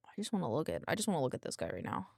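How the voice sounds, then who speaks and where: A woman's voice: sits low, wildly swooping pitch, very fast, creaky, darkish tone, husky, dry recording, clean studio sound. A young woman streaming live, chatting, rambling and giggling, greeting viewers by name and muttering to herself while she works on a design. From English-speaking. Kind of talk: casual live-stream chat while working.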